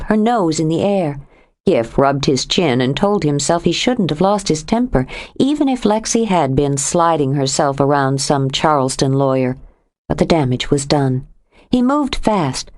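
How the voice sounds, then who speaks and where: Woman narrator with a lowish voice. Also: darkish tone. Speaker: audiobook narrator. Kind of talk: scripted narration.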